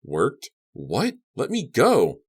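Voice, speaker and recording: A man voicing a panicked teenage boy tied to a chair in an audiobook, shouting and pleading. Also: mid-range voice, wildly swooping pitch, extremely slow, slightly rough, pitched above the performer's own voice, heavily acted. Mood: frantic, shouting. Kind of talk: audiobook character voice.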